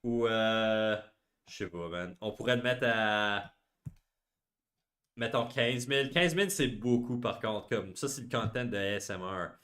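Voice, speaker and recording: A man's voice: lowish voice, normal speed, a bit bright. A man from Quebec with a Québécois French accent, chatting casually and self-mockingly on a livestream, switching between French and English. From Quebec, Canada. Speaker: livestreaming artist.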